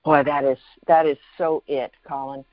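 A host talking reflectively about spiritual ideas, with searching, halting phrasing. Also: medium pitch, level tone, dull audio, slight background noise.

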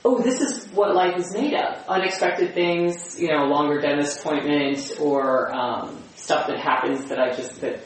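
A speaker sharing personal reflections in a spiritual group discussion, searching for words and often restarting. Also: medium pitch. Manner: searching, halting, with many restarts. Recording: echoey room, distant mic, faint hum.

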